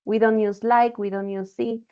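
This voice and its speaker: A woman's voice: fairly high pitch, little pitch movement, normal speed. A woman teaching an online English class, explaining patiently and checking in often with "okay?". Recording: dull lo-fi call audio.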